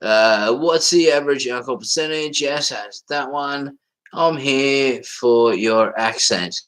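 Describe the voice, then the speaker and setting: A man's voice: mid-range voice, slow, a bit bright, poor audio. An Australian man hosting a livestream, chatting casually in a rambling, blunt way and swearing freely. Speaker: livestream host.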